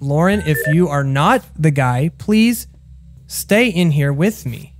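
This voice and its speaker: A man's voice: fairly high pitch, animated, slow pace. A man talking to himself as he plays a social deduction game, wary and chatty between tasks. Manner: talks to himself while doing tasks, wary. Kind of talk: casual gameplay commentary. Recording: faint music behind.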